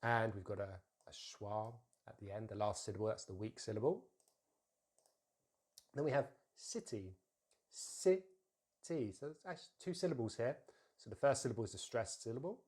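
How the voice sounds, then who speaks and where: A man teaching an English pronunciation lesson, saying model words slowly and repeating them for practice. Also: on the low side, darkish tone.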